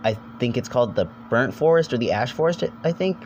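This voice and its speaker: Slight background noise sits under an animated, mid-range voice as a young man narrates a comedic video essay. His style is casual and rambling, full of jokes and quick silly voices, with swearing now and then.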